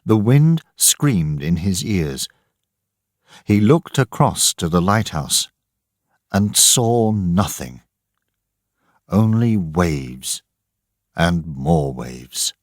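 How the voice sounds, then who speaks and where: A man narrates a storybook slowly and deliberately, letting his pitch rise and fall freely. The recording is dry and close, with no room sound. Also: sing-song, no room sound. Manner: measured and deliberate. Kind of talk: slow, expressive storybook narration.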